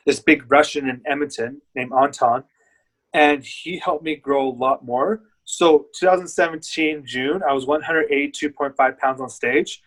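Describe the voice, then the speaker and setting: A man's voice: fairly high pitch, a bit bright, rough recording. A man guest, a bodybuilder, telling his story in candid, rambling casual chat.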